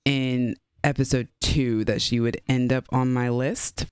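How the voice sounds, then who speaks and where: A man co-hosting a review podcast, chatting in a relaxed, dry, joking manner. His voice is smooth and resonant at a middle pitch, recorded close and dry. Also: a little slow, no room sound. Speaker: podcast co-host reviewing films and TV. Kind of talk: casual chat.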